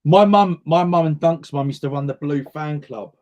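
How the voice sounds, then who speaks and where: A man's voice: on the high side, moderate pace, a little mellow. Chatty man telling anecdotes. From North West London. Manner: chatty anecdotal storytelling, repeats words while thinking. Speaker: interview guest, singer and actor. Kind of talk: casual interview chat.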